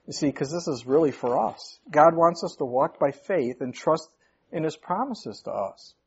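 A man's voice: mid-range voice, expressive, measured pace, husky. A male pastor preaching a sermon, emphatic, his voice rising sharply on key points. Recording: muffled lo-fi recording.

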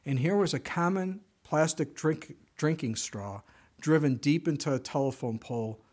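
Male pastor, earnest exhorting sermon delivery, slightly high voice. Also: normal speed, a little mellow.

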